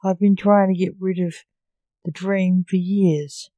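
A woman voicing the calm Sandman. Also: on the low side, a little slow, lightly acted. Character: Sandman, calm male dream guardian.

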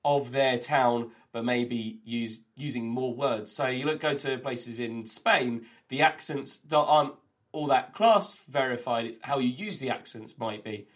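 A man co-hosting a comedy podcast, recorded remotely over a call. He rambles eagerly through odd facts, stumbling over his words with plenty of ums and restarts, in a voice of ordinary middle pitch. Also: a little slow. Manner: rambling, enthusiastic trivia-sharing with many fillers. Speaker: co-host. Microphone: remote call, recorded on own end.

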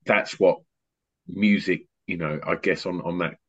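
A middle-aged man hosting a podcast on a video call, a rambling, animated storyteller who often restarts his sentences. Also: low-pitched, unhurried, husky. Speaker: podcast host and DJ. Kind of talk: casual chat on an online call. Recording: muffled lo-fi online call audio.

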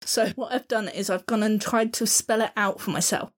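A woman with a Southern English accent, talking in a casual podcast-chat style. Her pitch sits at an ordinary middle height for a woman. She rambles along warmly and self-deprecatingly, as if talking to a friend. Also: fairly even intonation, moderate pace. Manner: chatty and self-deprecating, apologises for her pronunciation. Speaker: podcast co-host.

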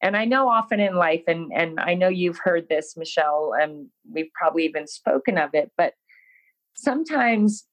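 A woman guest in an interview speaks at normal speed in a fairly low pitch, over low-quality audio. Frank and self-deprecating, she recounts a personal story and grows animated quoting what she used to say.

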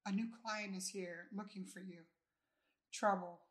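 A woman reading her own novel aloud in the first person, a relaxed and inviting storyteller. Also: medium pitch, unhurried.

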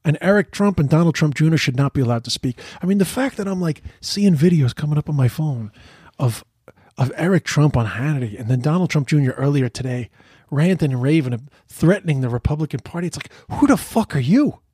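A man's voice: on the high side, brisk, dark tone, slightly rough, dry recording, clean studio sound. A man giving heated, profane political commentary in a casual rant, often stumbling and repeating words.

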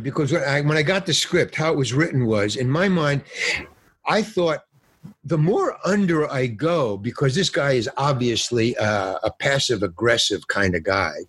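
A man's voice: a little high, fairly bright tone, breathy edge, no echo. An older actor telling rambling anecdotes in a casual interview, acting out the lines of people he quotes. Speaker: actor and guest.

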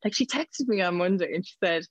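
Fast-talking Irish woman, chatty. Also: fairly low pitch, lively intonation, no echo. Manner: chatty, quick anecdotes, laughs often. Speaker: guest, news reporter. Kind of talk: casual podcast interview.

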